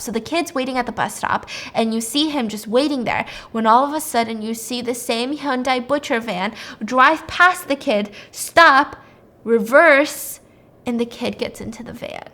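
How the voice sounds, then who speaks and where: A woman with a fairly high voice gives a casual, animated recap of a crime story. She swears freely and slips into each character as she goes. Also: normal speed.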